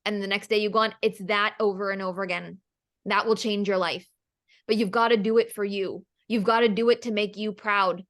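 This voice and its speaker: A woman coaching over a video call, energetic and emphatic. She repeats phrases for weight and talks at an ordinary pitch. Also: fairly quick. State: emotional, near tears. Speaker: business coach.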